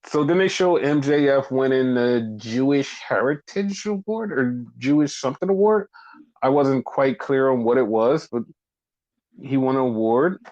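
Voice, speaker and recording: A man hosting a podcast, casually recapping wrestling in a profane, animated way and acting out what people said. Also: mid-range voice, moderate pace, dull audio. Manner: animated, profane, acts out quoted lines. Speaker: podcast host.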